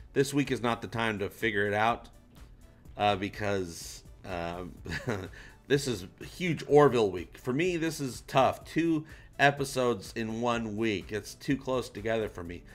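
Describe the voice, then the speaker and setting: A male livestream host talks loosely and casually, reading viewer comments aloud and swearing now and then. His voice has a bright, forward tone. Faint music plays underneath. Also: fairly low pitch, expressive, measured pace.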